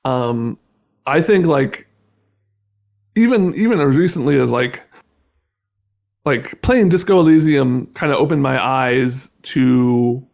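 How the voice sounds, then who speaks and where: A young man speaking as an interview guest in casual conversation, halting with many restarts and fillers. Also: mid-range voice, expressive, creaky, a little mellow.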